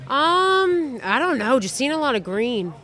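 Giggly young woman, bright voice. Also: high voice, big pitch swings, unhurried. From Philadelphia, USA. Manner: giggly, easily flustered. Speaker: tourist. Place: city street outdoors.

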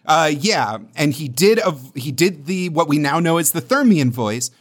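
A young adult man co-hosting a casual podcast, telling stories in an animated, rambling way. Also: a little high, moderate pace. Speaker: podcast co-host.

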